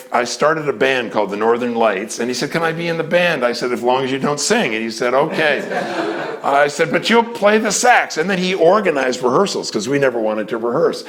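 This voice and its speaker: An older man in a casual storytelling talk, animated, often acting out the people in his stories. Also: mid-range voice. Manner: animated, acts out voices in quotes.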